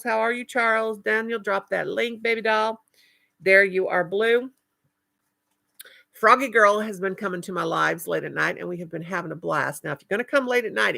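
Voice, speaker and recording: A woman's voice: medium pitch, creaky, fairly bright tone. An older woman hosting a live stream, chatting casually and affectionately with viewers in a rambling way, with a cackling laugh.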